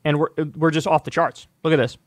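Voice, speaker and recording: A man reading an article aloud and commenting on it in a measured, explanatory way. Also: a little high, fairly even intonation, dry recording, clean studio sound. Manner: measured, explanatory, reads aloud and then remarks on it.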